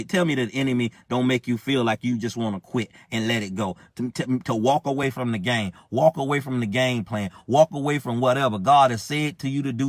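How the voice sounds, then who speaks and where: A man's voice: medium pitch, fairly bright tone, no echo. Emphatic preaching man, dry sound. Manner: emphatic, repetitive, colloquial. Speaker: minister. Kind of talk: preaching on marriage.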